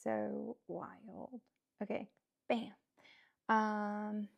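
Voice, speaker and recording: A woman's voice: a little high, lively intonation, takes it slowly, vocal fry, dull audio. A woman at home chatting casually while building a toy kit, rambling with lots of fillers and self-talk, laughing often. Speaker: host.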